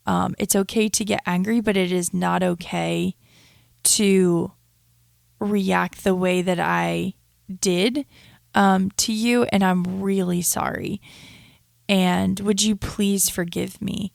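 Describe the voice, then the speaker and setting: A young woman hosting a podcast, talking earnestly and reflectively in a confessional monologue, often halting and restarting. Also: mid-range voice, steady tone, creaky, no echo, clean studio sound. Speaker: podcast host.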